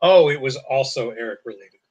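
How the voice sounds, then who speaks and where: A man co-hosting a casual chat, telling stories with lots of swearing and jumping into a high voice to act out what others said. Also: fairly quick. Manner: animated storyteller, acts out quotes in a high voice, swears. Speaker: podcast co-host.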